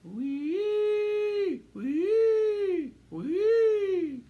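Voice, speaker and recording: A man voicing a small, eager, determined male mouse who pleads urgently and lets out shrill siren cries. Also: animated, brisk, muffled recording.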